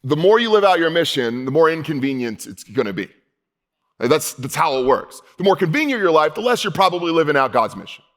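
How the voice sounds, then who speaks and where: A male pastor preaching a sermon in a casual, conversational way, slowing down for emphasis and dropping low and quiet on key points. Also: sing-song. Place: church hall.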